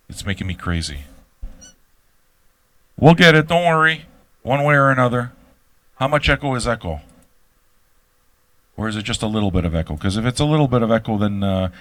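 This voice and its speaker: A man's voice: lowish voice, a bit bright, dry recording. An older man hosting an album reaction show, ranting in a brash, profane and teasing way to a live audience. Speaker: host of an album reaction channel. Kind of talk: live-streamed casual rant.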